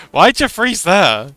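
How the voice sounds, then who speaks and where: A man's voice: high voice, bright, forceful tone, no room sound. A man streaming live, chatting casually with viewers and reading chat aloud, with frequent stammered restarts and giggles.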